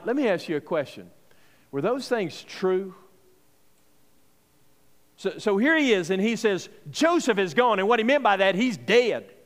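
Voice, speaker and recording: A male pastor preaches a sermon in an easy, conversational way, often checking in with listeners through rhetorical questions. His voice is high for a man, smooth and fairly bright, and the long reverb of a large hall rings around it.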